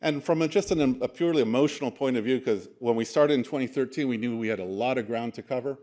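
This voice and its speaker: A man's voice: medium pitch, fast talker, darkish tone. A man speaking at a leadership forum, talking to the audience in a conversational way, with frequent fillers and "right?" tag questions. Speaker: conference speaker. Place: conference room.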